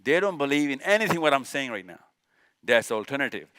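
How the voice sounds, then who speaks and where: Man, impassioned lecture, rhetorical questions, lively swinging pitch. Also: fast talker, smooth. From Pakistan. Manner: emphatic, rhetorical questions, repeats points. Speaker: speaker at a live session.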